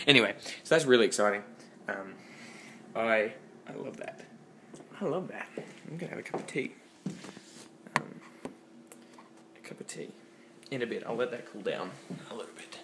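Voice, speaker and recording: A young man, chatting excitedly and rambling in a home vlog, full of ums and likes. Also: on the low side, normal speed, long pauses. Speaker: vlogger. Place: home kitchen. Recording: echoey room with faint background noise.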